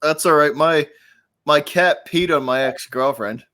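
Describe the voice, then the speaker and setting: A man on a casual live stream, easygoing and quick to laugh. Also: a little high, sharp tone.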